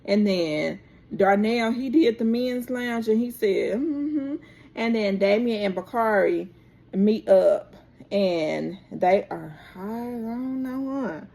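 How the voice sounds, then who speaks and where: A woman vlogger chatting through a casual, animated recap of a TV episode. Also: mid-range voice, creaky. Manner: chatty, animated, drawn-out storytelling.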